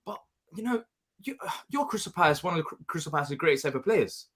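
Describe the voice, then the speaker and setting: Quick, bright-toned emotional co-host, earnest. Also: male voice, on the high side, lively intonation. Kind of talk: live fan reaction chat.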